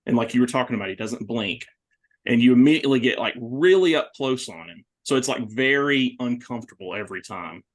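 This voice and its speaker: A man hosting a horror movie podcast, talking casually and excitedly with many restarts. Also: mid-range voice, fairly quick. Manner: rambling, animated, many restarts. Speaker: podcast host. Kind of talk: casual movie review chat.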